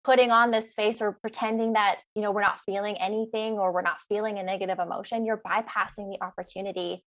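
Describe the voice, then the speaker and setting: A woman's voice: mid-range voice, little pitch movement, quick pace, a bit bright. Earnest young woman sharing her story. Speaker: guest coach. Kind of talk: podcast interview.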